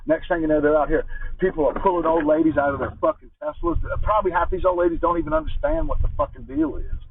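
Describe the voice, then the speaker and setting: A man's voice: a little high, quick pace, husky, dry recording. A man delivering an angry, profane political rant in a ranting monologue style. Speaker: political commentator. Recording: muffled phone-like audio from far from the mic.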